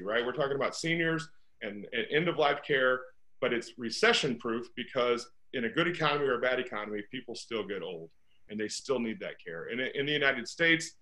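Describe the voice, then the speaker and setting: Speaking in a conversational interview, a St. Louis real estate investor in middle age makes his points earnestly and piles on rhetorical questions. He has a medium-pitched voice with a sharp tone, captured in a low-quality recording.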